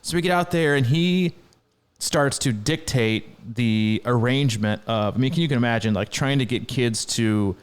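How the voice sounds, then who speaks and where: A man's voice: medium pitch, moderate pace, clear, resonant tone. Rambling, laughing male podcast host. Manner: rambling, animated, laughs often, many restarts. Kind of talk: casual chat, storytelling.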